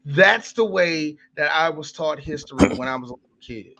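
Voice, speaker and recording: A man co-hosting a podcast, talking in heated, profane bursts that swing up and down in pitch. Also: moderate pace, vocal fry, a loud crowd. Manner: impassioned, profane, sweeping in pitch. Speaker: podcast co-host. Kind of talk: heated casual discussion.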